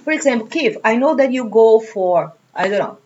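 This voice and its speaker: A woman's voice: fairly high pitch, expressive, moderate pace, darkish tone. A middle-aged woman from Brazil with a Brazilian Portuguese accent, talking chattily in an interview with self-deprecating humor. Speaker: franchise business owner. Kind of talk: casual interview. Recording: dull lo-fi sound.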